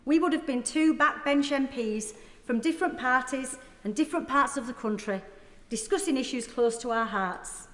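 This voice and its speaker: A woman, a member of parliament, giving a measured, solemn tribute speech in a parliamentary chamber. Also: high voice, a bit bright. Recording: echoey hall with long reverb.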